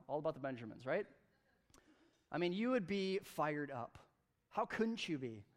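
A man preaching a sermon at a church service, energetic and conversational, with playful asides. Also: high-pitched. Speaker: pastor.

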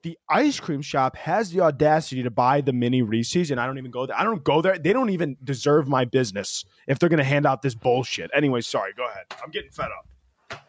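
A young man co-hosting a casual podcast, telling animated, joking stories and swearing freely. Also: medium pitch, a little fast, no room sound. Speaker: podcast co-host. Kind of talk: casual chat.

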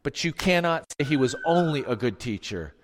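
A man's voice: a little high, expressive, moderate pace, slight background noise. A man preaching a sermon as pastor, emphatic, asking rhetorical questions and acting out the quotes he reads. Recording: long hall reverb.

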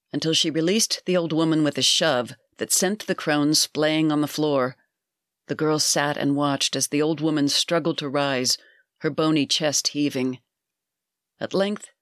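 A storyteller reading a dark tale with measured, deliberate pacing. The voice sits in a middling pitch. The recording is close and dry, with no echo. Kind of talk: scripted narration.

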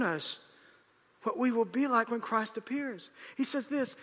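A male pastor delivering a sermon, his voice high and bright. He moves between hushed, personal moments and loud, emphatic peaks. The sound rings with the long reverb of a large hall. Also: normal speed. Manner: animated, rising to loud emphatic bursts.

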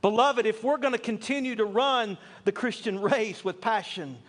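A man preaching a sermon to his church, earnest and building from quiet asides to fervent appeals. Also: sits high, moderate pace. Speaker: pastor.

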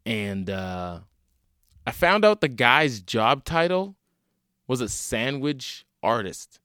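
Animated man telling stories on his podcast. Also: mid-range voice, slow pace, dry recording, clean studio sound. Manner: animated storytelling, acts out quoted voices; swears casually, wry. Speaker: podcast host; stand-up comedian. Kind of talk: casual solo podcast monologue.

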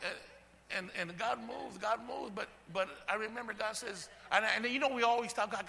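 High, gravelly preaching man in a hall. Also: moderate pace. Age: middle-aged. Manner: animated preaching, repeats words, shouts at peaks. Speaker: pastor. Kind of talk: sermon. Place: church sanctuary. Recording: long hall reverb.

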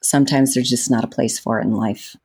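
A bass-voiced woman with vocal fry and a slightly rough edge talks a little fast. She's an actress being interviewed, telling lively, laugh-filled stories and voicing other people's lines as she goes.

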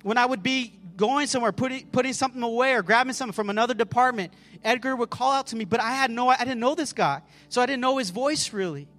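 A man's voice: very high-pitched, fast talker, a bit bright. A man preaching a sermon as pastor, calling out to the congregation and often repeating words as he restarts a phrase. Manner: fervent, calls out to the congregation.

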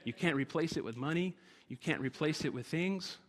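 A man's voice: a little high, normal speed, long reverb tail. A man preaching a sermon to his church, driving points home with emphatic repeated phrases.

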